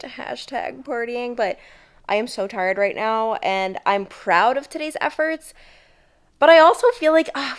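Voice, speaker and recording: A young woman chatting casually in a home vlog, talking in a loose, filler-heavy way full of "like". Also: mid-range voice. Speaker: lifestyle vlogger.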